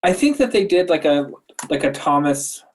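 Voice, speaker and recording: Podcast speaker, mid-pitched, halting and unsure delivery. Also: big pitch swings. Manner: halting, hesitant speech. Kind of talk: casual podcast chat.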